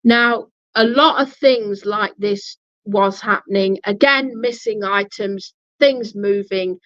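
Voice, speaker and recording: A woman speaks slowly and bluntly in a casual storytelling vlog, swearing and restarting her sentences. The recording is dry and dull, with a muffled lo-fi tone. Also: mid-range voice, a bit bright, no room sound. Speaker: vlogger.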